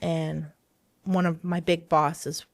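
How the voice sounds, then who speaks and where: On a podcast, a woman appears as an interview guest sharing her personal testimony of faith. Her voice is low-pitched and level, and she speaks slowly, earnestly, and hesitantly, often restarting sentences, in a dry recording.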